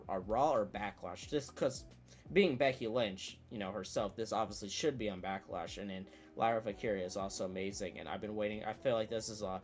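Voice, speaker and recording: A man with a lowish voice runs through a casual recap vlog, eager and rambling, often correcting himself mid-sentence. He sounds chatty and excitable. Soft music plays faintly underneath. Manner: excitable, chatty, many fillers and self-corrections. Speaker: wrestling channel host.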